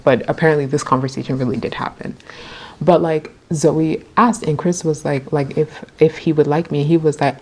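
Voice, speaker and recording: A young woman with a notably low voice tells a story for her vlog. She is chatty and animated, leaning on fillers as she goes. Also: normal speed. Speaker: vlogger.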